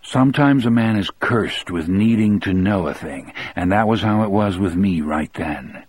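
Low-ish husky guy reading an audiobook, steady and measured. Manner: measured, unhurried storytelling. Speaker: audiobook narrator. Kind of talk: audiobook narration.

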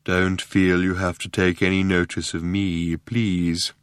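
A man voicing a gloomy, depressed male robot who talks in a slow, dejected drone. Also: sits low, little pitch movement, clean tone, dry recording, clean studio sound, pitched below the performer's own voice.

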